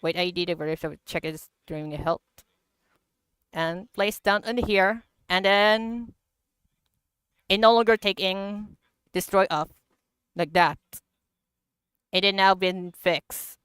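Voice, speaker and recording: Slow, clear-voiced woman streamer. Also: medium pitch, a bit bright, no echo. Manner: slow, halting non-native English with frequent laughter. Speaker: gaming livestreamer. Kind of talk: casual game commentary.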